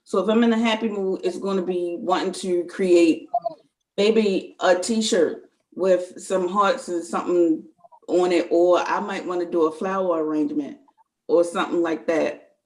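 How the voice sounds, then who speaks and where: A woman's voice: lowish voice, steady tone, unhurried, darkish tone, low-quality recording. A woman guest in a casual conversation, talking earnestly and rambling, filling her talk with "like". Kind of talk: casual chat.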